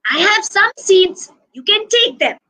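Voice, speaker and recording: A woman's voice: extremely high pitch, lively intonation, unhurried, bright, forceful tone, voice pushed up, exaggerated voice, rough recording. A woman voicing a cheerful, sensible male rabbit in a children's story, reassuring and coaxing.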